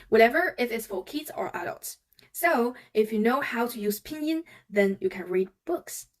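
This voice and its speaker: Higher-voiced woman teaching a language. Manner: patient, demonstrates sounds aloud. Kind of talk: online language lesson.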